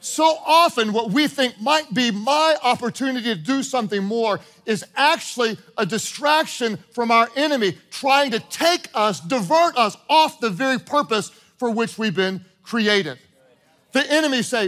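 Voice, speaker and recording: A man preaching a sermon as pastor, animated, acting out short exchanges and repeating his points. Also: high voice, a little slow. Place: church auditorium with congregation.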